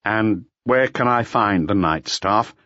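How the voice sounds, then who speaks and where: A man reading an audiobook, voicing a weary middle-aged male police inspector who talks calmly and quietly. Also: fairly low pitch, takes it slowly, no echo. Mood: businesslike. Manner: calm, quiet, resigned. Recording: dull lo-fi audio.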